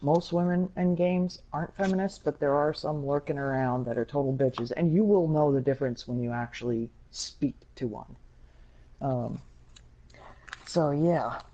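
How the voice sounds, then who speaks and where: A woman's voice: low-pitched, normal speed, warm tone, a little hiss or hum. A woman telling a story in casual podcast chat, candid and blunt, with plenty of swearing. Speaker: podcast co-host. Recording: dull lo-fi sound.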